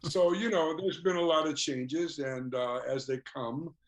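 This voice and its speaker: A man's voice: a little high, a little slow. Older man telling stories with chuckles. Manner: chuckles often, fills with "you know". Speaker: guest musician. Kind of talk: casual interview storytelling.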